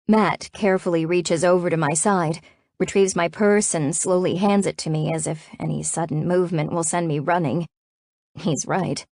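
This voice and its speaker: Female audiobook narrator, first-person romance; lowish voice, dry booth sound, expressive with tense peaks. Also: no room sound. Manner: expressive, rising to tense urgency in anxious passages.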